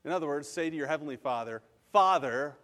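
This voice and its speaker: A male pastor giving a lively sermon, acting out quotes and then leading a prayer. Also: a little high, racing, big-room sound. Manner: animated, acts out quotes and leads prayer.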